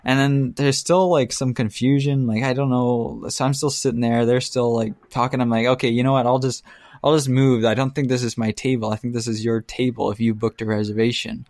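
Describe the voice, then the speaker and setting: A man's voice: medium pitch, brisk, no room sound. Man telling a funny story, laughing. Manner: animated storytelling, acts out quotes, laughs often. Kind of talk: casual chat.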